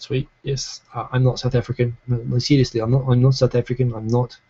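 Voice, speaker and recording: A man's voice: medium pitch, little pitch movement, fast talker, mellow, slightly rough, lo-fi sound. A man from New Zealand with a New Zealand accent, hosting a casual live stream, chatting and reading out viewer comments in a rambling way with many restarts. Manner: rambling, frequent restarts and fillers. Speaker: live stream talk show host. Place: home in Tokyo.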